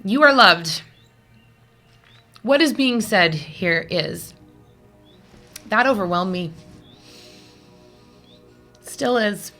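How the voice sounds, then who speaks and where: Bright-voiced chatty woman tarot reader. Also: mid-range voice, lively intonation, drawn-out words, pauses often, soft background music. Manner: chatty, rambling, digressive with many fillers; emotional, easily moved. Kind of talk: casual tarot reading to camera.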